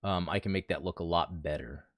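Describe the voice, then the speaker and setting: A man's voice: low-pitched, brisk, no echo, clean studio sound. A man hosting a casual livestream from home, chatting with viewers while setting up and thinking aloud, talking into a desk mic. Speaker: livestream host. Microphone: desk mic he talks into.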